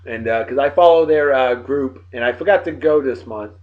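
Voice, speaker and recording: A man, rambling and folksy as he gives birthday shout-outs to old friends. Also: mid-range voice, normal speed. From Martha's Vineyard, Massachusetts. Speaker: vlogger, beer and song of the day host. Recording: dull lo-fi home recording.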